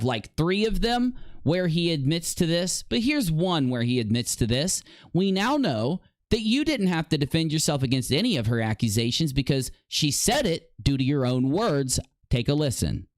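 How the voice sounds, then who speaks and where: A man's voice: a little high, sing-song, normal speed, no room sound, clean studio sound. A man hosting an online commentary video, confronting his opponent directly in a mocking, combative way. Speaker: commentary host.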